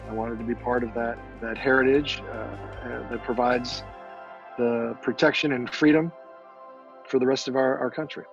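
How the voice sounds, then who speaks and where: Veteran man guest, halting speech full of fillers, dull lo-fi sound, faint music underneath. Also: medium pitch. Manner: halting, many fillers and restarts. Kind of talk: casual interview answers.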